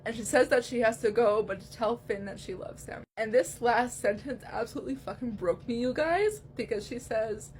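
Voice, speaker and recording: A woman's voice: mid-range voice, normal speed, few pauses, a little hiss or hum. A young woman casually recapping a horror movie's ending, swearing often and getting emotional.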